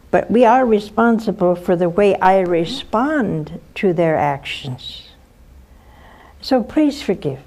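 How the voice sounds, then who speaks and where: An older nun gives advice to a caller and shares stories from her own life, earnest and direct, often closing a point with "huh?" or "see?". Her mid-range voice has a warm tone.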